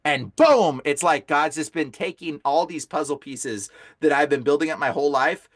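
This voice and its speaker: A man guesting on a podcast who tells his story in an excited, casual way, full of "bro" and "like". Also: a little high, normal speed, hardly any pauses, no echo, studio quality. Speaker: podcast guest, deliverance minister. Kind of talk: animated storytelling.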